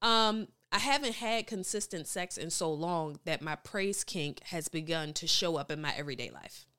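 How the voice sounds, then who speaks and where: A woman talks on a podcast in a studio, candid and full of slang, often laughing and playing things up for effect. Her voice is bright and clear, and her pitch swings widely as she tells her stories. She reads out live comments between them. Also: animated, normal speed. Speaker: podcast guest. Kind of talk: casual chat reading live comments.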